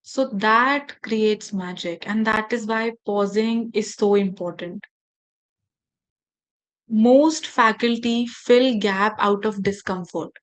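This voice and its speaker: A woman running a workshop for teachers, speaking in a measured, deliberate way with emphatic pauses and direct instructions to her audience. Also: mid-range voice, rough recording. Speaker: faculty development trainer.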